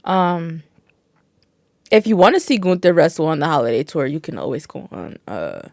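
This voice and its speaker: Brief: female podcast co-host, deadpan teasing, gravelly voice, dry close sound. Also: low-pitched, moderate pace, dry recording. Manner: dry, teasing, matter-of-fact. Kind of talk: casual wrestling chat.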